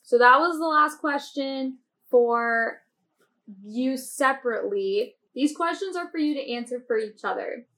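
A woman's voice: high-pitched, a little slow, a bit bright. A young woman hosting a casual podcast chat, asking questions and encouraging her younger siblings. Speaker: podcast host.

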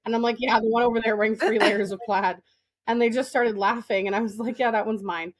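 A woman's voice: fairly high pitch, fairly even intonation, fast talker. A woman in her late twenties co-hosting a podcast in casual chat, swearing freely and acting out other people's lines as she tells stories. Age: late 20s. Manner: swears freely, acts out quoted dialogue in storytelling. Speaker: podcast co-host.

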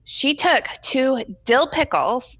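A woman co-host tells a story in easy podcast chat, speeding up and slowing down as she goes. Her voice is bright and crisp. It is recorded dry and close. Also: high voice, expressive, no room sound, muffled recording.

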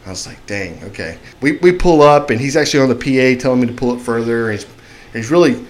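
A man's voice: mid-range voice, fast. A man telling a long story on a podcast in casual speech, acting out the voices of people in it. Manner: animated, acts out shouting voices in his story.

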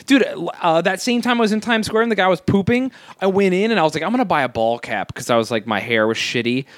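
A young man in casual chat, telling stories in an animated, swearing, jokey way. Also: sits high, fast, dry recording.

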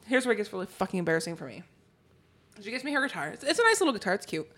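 A woman's voice: mid-range voice, big pitch swings, racing, a bit bright. A woman co-hosting a podcast, telling a story in casual chat, swearing freely, laughing often and poking fun at herself. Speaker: podcast co-host.

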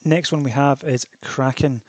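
A man's voice: mid-range voice, fairly even intonation, unhurried, darkish tone, no room sound. A man hosting a casual solo smart-home news roundup in a chatty, informal way, now and then swearing. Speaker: podcast host.

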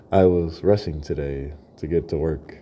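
A man's voice: extremely low pitch, dark tone, slight background noise. A young man hosting a podcast, freestyling a reflective, rambling monologue, laughing often and checking in with "right?". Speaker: podcast host.

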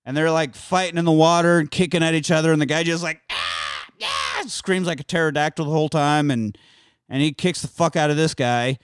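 A man's voice: a little high, fairly even intonation, quick pace, clear, resonant tone, dry recording, clean studio sound. A man casually retelling an action movie on a podcast, swearing freely and acting out the characters' lines. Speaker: podcast co-host recapping a movie. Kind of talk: casual profane chat.

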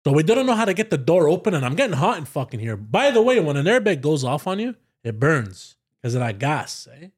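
Animated, profane man. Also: fairly high pitch, fairly quick, few pauses, breathy edge. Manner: animated, profane, says "bro" constantly. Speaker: podcast guest. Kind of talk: casual storytelling.

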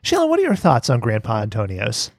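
A man's voice: mid-range voice, wildly swooping pitch, fairly quick, dry recording, clean studio sound. A man hosting a casual comedic podcast, sarcastic and playful with mock-earnest jokes. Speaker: podcast host.

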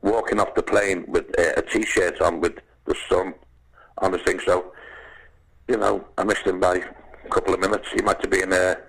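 A man with a Liverpool accent, an actor chatting and telling lively stories, acting out other voices and calling people "lad". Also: sits low, moderate pace, gravelly, breathy edge, rough recording. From England. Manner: animated storyteller, acts out voices, says "lad". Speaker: actor and guest. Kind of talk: casual chat, storytelling.

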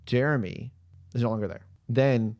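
A man's voice: mid-range voice, normal speed, a little mellow. A man running a tabletop game as game master, narrating scenes casually with frequent fillers and restarts.

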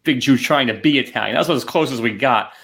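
A man's voice: medium pitch, brisk, gravelly, fairly bright tone. A middle-aged man co-hosting a casual podcast chat, blunt and teasing, full of wisecracks. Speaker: podcast co-host.

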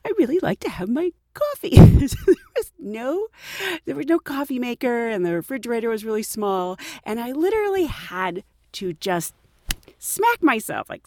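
A woman hosting a casual chat, telling stories in an animated way and laughing often. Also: on the high side, normal speed, no echo. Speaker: podcast host.

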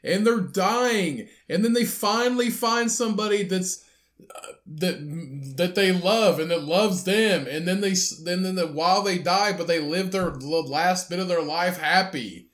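A young man on a casual podcast, swapping crude jokes and insults with his co-host. His voice sits a bit higher than most men's, and he turns loud and profane when he teases. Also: normal speed.

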